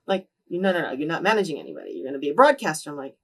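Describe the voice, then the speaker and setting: Fast-talking woman telling stories. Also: low-pitched, recorded from a distance. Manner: animated, acts out quoted voices, swears freely. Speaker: interview guest. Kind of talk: candid storytelling in a shoot interview.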